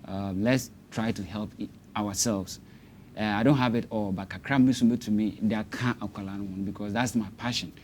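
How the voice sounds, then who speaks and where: A Ghanaian man answering interview questions as a guest educator, speaking haltingly as he searches for words. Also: lowish voice, fairly even intonation, a little mellow, slight background noise.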